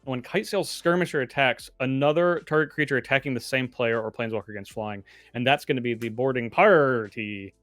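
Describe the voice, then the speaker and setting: A man's voice: mid-range voice, fairly quick, few pauses, a bit bright, no room sound, soft background music. A man explaining his card game plays on a video call, teasing the others with dry, playful remarks. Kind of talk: casual game-play chat.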